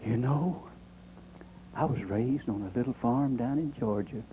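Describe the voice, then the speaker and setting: A man doing a folksy country boy who spins tall tales in an unhurried, deadpan drawl. The voice is low and dark, with a faint hiss in the background. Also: lightly acted, low-quality recording. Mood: droll. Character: folksy Southern country-boy comic storyteller, male. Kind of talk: stand-up comedy monologue.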